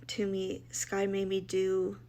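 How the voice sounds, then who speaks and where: Middle-aged mother, personal storytelling, blunt and emotional, mid-pitched voice, restarts often. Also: completely flat delivery, takes it slowly, warm tone, slight background noise. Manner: emotional, blunt, quotes others in dialogue, many restarts. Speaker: mother telling her family's story.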